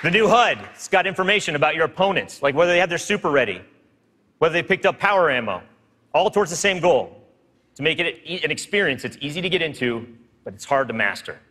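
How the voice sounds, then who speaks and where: A man's voice: fairly high pitch, animated, quick pace, sharp tone, some chatter behind. A man presenting on stage at a keynote, upbeat and hyping up a live audience. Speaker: game studio presenter. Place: stage in a large hall. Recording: long hall reverb from live stage.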